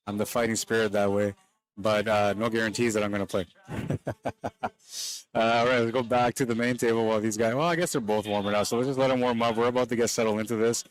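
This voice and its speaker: A man's voice: on the low side, fairly even intonation, fast, low-quality recording. A man with a Canadian accent commentating a pool tournament on a live stream, chatty and enthusiastic in a loose, conversational way. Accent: Canadian English.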